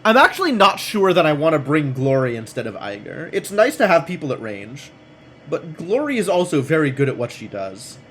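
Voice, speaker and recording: A man streaming a game, reading its text aloud and thinking out loud in a wry, self-mocking way. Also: fairly high pitch, very animated, brisk, a little hiss or hum.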